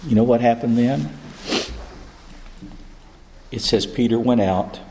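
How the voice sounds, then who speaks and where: A man preaching a sermon, building to fervent, high-pitched climaxes. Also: takes it slowly, dark tone, slight background noise. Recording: echoey hall.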